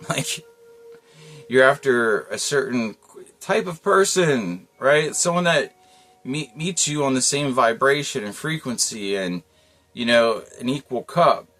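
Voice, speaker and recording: A man in the middle pitch range talks through a casual tarot reading. His delivery is loose and wandering, full of slang and easy chuckles. Soft music plays quietly underneath. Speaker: tarot reader.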